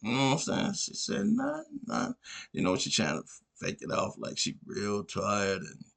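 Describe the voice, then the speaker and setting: Brief: chatty male podcast host, gravelly, animated pitch, rambling anecdote. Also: normal speed. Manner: rambling, constantly asks "you know what I'm saying". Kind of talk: casual storytelling.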